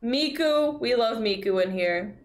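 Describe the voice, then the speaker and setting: A young woman streaming, chatting casually while reacting to videos, excitable and swearing freely. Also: on the high side, unhurried.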